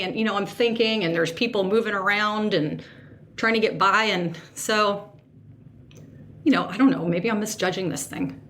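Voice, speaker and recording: A woman's voice: mid-range voice, normal speed, a little hiss or hum. Emotional woman host telling a story. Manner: animated, second-guesses herself aloud; emotional, sensitive. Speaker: podcast host. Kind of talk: personal storytelling monologue.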